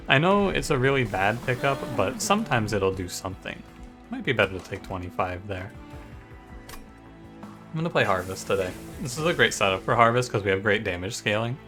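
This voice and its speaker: A man's voice: medium pitch, fairly bright tone. A man casually chatting to his viewers in a rambling way while commenting on his gameplay. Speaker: gaming YouTuber.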